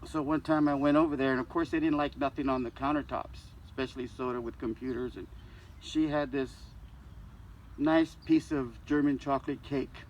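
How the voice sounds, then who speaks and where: A man's voice: mid-range voice, fairly even intonation, normal speed, a little hiss or hum. Older man telling a joking eulogy. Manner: folksy and joking, acts out dialogue. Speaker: eulogy speaker, friend of the deceased. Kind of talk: storytelling eulogy. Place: church service.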